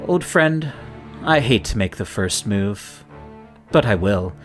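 A man voicing a wry, formal male pirate captain who speaks in measured tones. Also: lowish voice, animated, over music.

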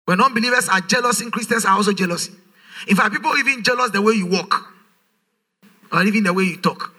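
A man's voice: high-pitched, fairly quick, bright, forceful tone, slightly rough. A man preaching a sermon, emphatic and full of rhetorical questions, his voice rising in a sing-song way. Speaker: pastor.

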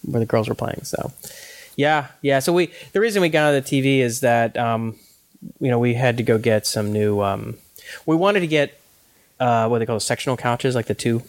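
A man's voice: medium pitch, normal speed. A man, a father of young kids, co-hosting a casual chat and telling stories, acting out the quotes in them. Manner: animated storyteller who acts out quotes. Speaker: podcast co-host.

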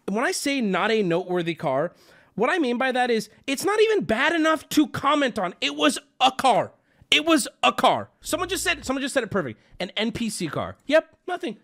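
A male streamer telling an animated story as a swearing, exasperated rant, acting out both sides. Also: extremely high pitch.

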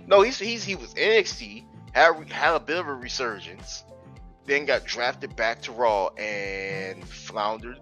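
A man co-hosting a casual wrestling podcast, talking in an animated, profane, joking way. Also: medium pitch, a little slow, faint music behind. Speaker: podcast co-host.

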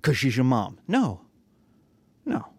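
A man's voice: medium pitch, huge pitch swings, slow pace, breathy edge, no echo. A man teaching a class, talking casually with rhetorical questions and acted-out quotes. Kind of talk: classroom lecture.

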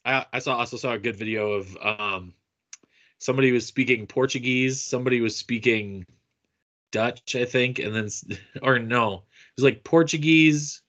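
A man's voice: medium pitch, normal speed, fairly bright tone, highs cut off. A man chatting casually as a podcast co-host, easygoing and laughing along. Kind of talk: casual chat.

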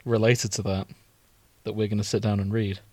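A man hosting a casual chat podcast, easygoing and quick to laugh while he sets up a reading. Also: fairly low pitch, little pitch movement, a little mellow, dry recording. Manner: easygoing, giggly, organizing the reading. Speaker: podcast host.

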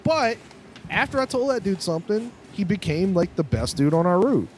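A man co-hosting a podcast in casual chat, telling a story with lots of filler words and pitch jumping up when he quotes someone. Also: sing-song, moderate pace, slight background noise. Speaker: podcast co-host.

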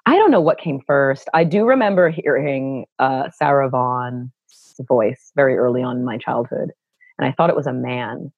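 A middle-aged woman from Brooklyn with a low contralto voice tells her stories as a podcast guest. She is animated and expressive and acts out the voices she quotes. The audio is dry and a little dull, like a remote call. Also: normal speed, no echo. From Brooklyn, New York. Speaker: guest, actor and educator. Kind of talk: conversational interview storytelling.

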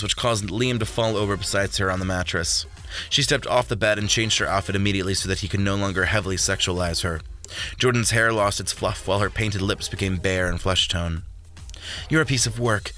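A man narrating a storybook in a steady, even reading. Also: fairly low pitch. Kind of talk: audiobook narration.

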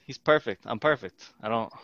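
Young male player, deadpan jokester, dull lo-fi mic. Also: lowish voice, normal speed, creaky. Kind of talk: casual tabletop game banter.

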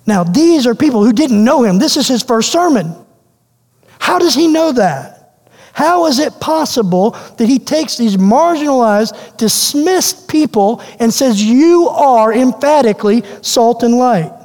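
A man preaching a sermon as pastor, animated and questioning, repeating phrases for emphasis. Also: extremely high pitch, unhurried. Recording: long hall reverb.

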